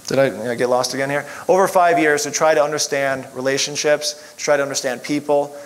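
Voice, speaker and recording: A man's voice: medium pitch, steady tone, brisk, poor audio. A middle-aged man telling his story in a casual, rambling way, full of fillers. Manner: rambling, lots of "you know" fillers. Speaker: chiropractor sharing testimony. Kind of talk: casual personal testimony.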